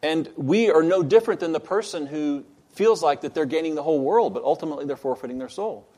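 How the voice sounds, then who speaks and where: A man preaching a sermon, earnest and building toward loud, emphatic stretches. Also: on the high side, quick pace. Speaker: pastor.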